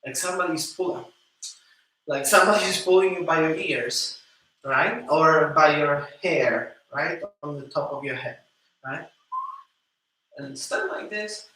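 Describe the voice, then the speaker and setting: A man's voice: a little high, unhurried, long pauses, pushed and bright, a little hiss or hum. A man teaching a dance class, counting beats aloud and coaxing students through steps, heard from a distance in a studio. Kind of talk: live online dance class. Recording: echoey room, from a distance.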